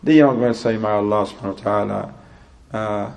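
A man giving a religious sermon in English, telling a story and acting out both sides of a conversation in a lively, rising voice. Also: on the low side, a little fast, gravelly. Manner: acts out dialogue in an animated, rising voice; non-native English with Arabic religious terms. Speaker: Islamic preacher.

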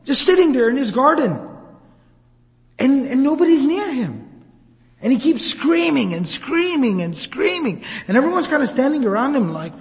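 A man's voice: extremely high pitch, big pitch swings, moderate pace. A man retelling an old account as a religious teacher, in a casual, vivid, conversational lecture style. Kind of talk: storytelling lecture. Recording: long hall reverb.

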